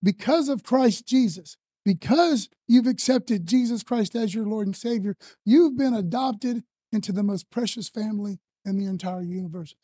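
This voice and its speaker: A man's voice: high voice, normal speed, few pauses, dark tone, no room sound. A man preaching a sermon in a loose, conversational way, often adding "man" and "you know.". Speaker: pastor.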